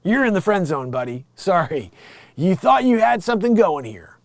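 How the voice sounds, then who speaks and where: A man's voice: sits high, big pitch swings, normal speed, creaky, no room sound. Brash mocking man improvising. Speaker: live improv comedian. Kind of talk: improvised comic commentary.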